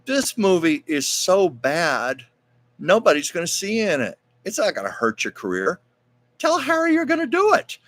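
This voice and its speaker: A man doing a lively, upbeat husband. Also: sits high, moderate pace, pitched above the performer's own voice, heavily acted. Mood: encouraging.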